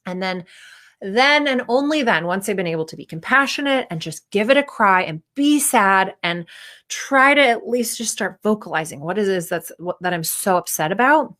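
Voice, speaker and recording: A woman's voice: medium pitch, animated, moderate pace, a bit bright. A woman in her thirties, a performance coach, giving a candid, casual talk and acting out the voices of people she quotes.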